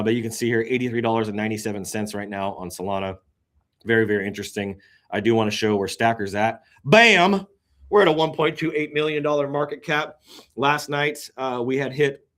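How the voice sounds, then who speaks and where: Yawning occasionally and sighing at length, a man runs a casual crypto show while discussing market charts displayed on screen. He's excitable, his speech jumping from low mutters to sudden loud exclamations.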